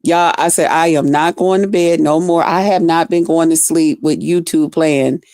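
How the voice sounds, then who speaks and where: A woman vlogger telling a story in a casual, profane, animated way, jumping into loud reenactments of herself. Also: deep voice, normal speed, dry recording, studio quality.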